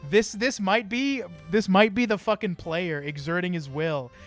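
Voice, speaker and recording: An excitable young man with a fairly high voice, reacting to a game with jokes and constant swearing. His commentary is loose and unscripted. Game music hums softly behind him. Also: measured pace. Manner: excitable, profane, joking. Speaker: streamer.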